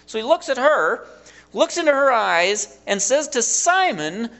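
A man preaching a sermon, retelling a story in an animated way and acting out the quotes. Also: very high voice, unhurried.

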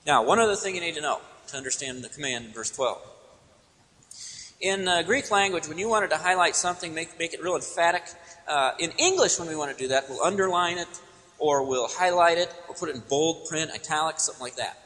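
A man's voice: a little high, brisk, a bit bright. Emphatic preacher man in a reverberant hall. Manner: emphatic, teacherly, asks and answers own questions. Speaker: pastor. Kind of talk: expository sermon.

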